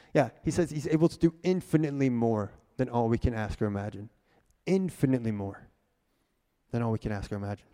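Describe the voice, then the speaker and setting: A young man preaching a casual, energetic sermon, talking to the congregation and rallying them to repeat after him. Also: medium pitch. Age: young adult. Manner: energetic, conversational, rallies the crowd to repeat. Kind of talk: youth sermon. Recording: long hall reverb.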